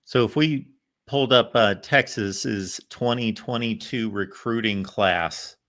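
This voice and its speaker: Measured, analytical sports-talk man. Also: lowish voice, a bit bright. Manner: measured, analytical, thinks aloud. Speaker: college football podcast co-host. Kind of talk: casual sports chat.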